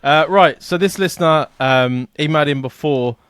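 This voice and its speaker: A man's voice: on the high side, moderate pace, fairly bright tone, clean tone, no room sound. A man from England co-hosting a podcast, telling stories in casual chat, laughing often and swearing freely. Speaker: podcast co-host.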